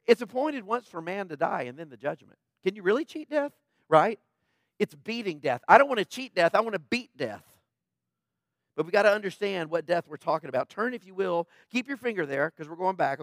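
A man's voice: high-pitched, a bit bright, no echo. A man preaching a sermon in a conversational way, often checking in with the congregation with asides. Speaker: pastor.

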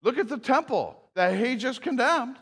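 A man voicing an eager, clueless young male disciple in a high, gushing voice during a sermon. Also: expressive, moderate pace, fairly bright tone, husky, full character voice. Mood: gawking, eager. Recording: echoey hall.

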